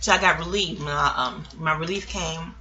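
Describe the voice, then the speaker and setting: Bright-voiced New York woman telling stories. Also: sits low, moderate pace, dull audio. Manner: candid, rambling, profane, chuckles as she talks. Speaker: memoir storyteller. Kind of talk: casual storytelling to camera.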